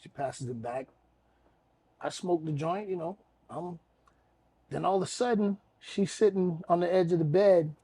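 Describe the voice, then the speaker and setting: A man co-hosting a podcast, telling an animated, profane story and acting out every scene. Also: sits high, a little slow, long pauses, husky. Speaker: podcast co-host. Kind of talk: casual storytelling.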